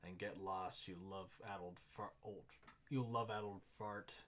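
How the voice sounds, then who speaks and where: A man reading aloud the lines of a gruff, mocking male gang boss, in his own plain voice. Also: on the low side, little pitch movement, moderate pace, a bit bright, a little hiss or hum, lightly acted.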